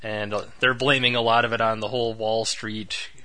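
Blunt, opinionated man with a bright voice. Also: lowish voice, little pitch movement, moderate pace. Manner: blunt, opinionated, swears casually. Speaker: podcast co-host. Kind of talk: casual chat.

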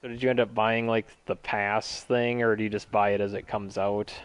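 A man in casual conversation about video games, relaxed and rambling with lots of fillers. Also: lowish voice, moderate pace, clear, resonant tone, no room sound.

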